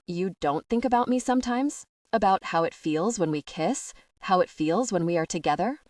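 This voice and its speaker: A woman's voice: lowish voice, animated, moderate pace, a little mellow, dry recording, recorded from a distance, lightly acted. Woman doing a teasing southern teen guy, keeps pushing, dry sound a bit off mic. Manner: teasing and persistent.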